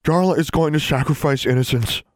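A man's voice: fairly high pitch, brisk, dry recording, studio quality, voice pushed up, lightly acted. A man voicing a hurt but commanding young witch who gives orders. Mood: urgent. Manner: forceful, commanding.

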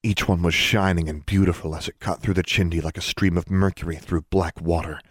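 Low husky male audiobook narrator. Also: steady tone, fairly quick, no echo, clean studio sound. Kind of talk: scripted narration.

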